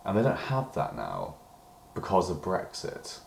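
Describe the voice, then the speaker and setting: A man's voice: sits low, wildly swooping pitch, measured pace, gravelly, reverberant, slight background noise. A British man in a rambling personal diary monologue, meandering and hedging, swearing when he gets worked up. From Britain. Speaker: diary vlogger.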